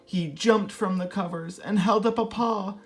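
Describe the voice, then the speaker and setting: A woman reading a children's picture book aloud as the regular storytime host, in a gentle, expressive way. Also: mid-range voice, unhurried.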